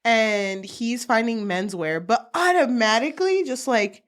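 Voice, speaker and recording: Woman book-podcast co-host, slightly high voice, blunt and chatty. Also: unhurried. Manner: chatty, blunt, swears freely. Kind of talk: casual chat.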